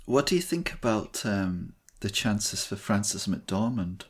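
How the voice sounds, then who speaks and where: A man co-hosting a film podcast, speaking in measured, hedging casual chat. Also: on the low side, very animated, husky. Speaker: podcast co-host.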